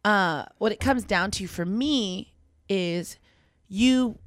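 A woman's voice: mid-range voice, no room sound, clean studio sound. Young woman co-hosting campus radio. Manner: conversational, reflective, quick asides. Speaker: co-host of a college radio talk show. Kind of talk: casual advice chat.

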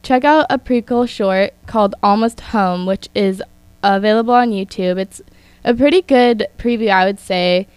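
A young woman hosts an entertainment news show on the radio, moving through her stories in a chatty way and adding casual opinions as she reads. Her voice is smooth and clean. The sound is close and dry, with no room around it. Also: medium pitch, normal speed, darkish tone, no echo. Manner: chatty, reads from notes with asides. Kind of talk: scripted entertainment news talk.

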